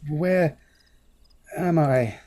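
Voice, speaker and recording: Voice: mid-range voice, extremely slow, warm tone. A gamer voicing a timid, apologetic young man from a fantasy game, stammering in formal, old-fashioned speech. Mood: flustered. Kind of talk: voice-acted game dialogue reading.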